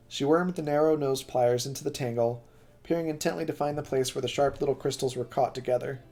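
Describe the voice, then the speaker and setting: A man reading a novel aloud on a live stream, steady but with occasional slips that he corrects. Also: mid-range voice.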